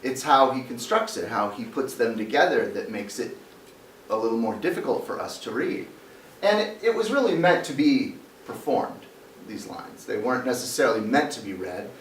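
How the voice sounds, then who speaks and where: Man teaching a class, recorded from afar. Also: mid-range voice. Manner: explains step by step, quizzing the class. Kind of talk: classroom lecture. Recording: roomy classroom, mic far off, faint background noise.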